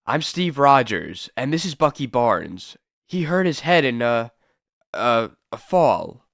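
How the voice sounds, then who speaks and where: Brief: earnest hero, read by a man, lively pitch, dry sound. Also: slow pace, no room sound, heavily acted. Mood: concerned. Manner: earnest, protective. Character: earnest young male soldier hero.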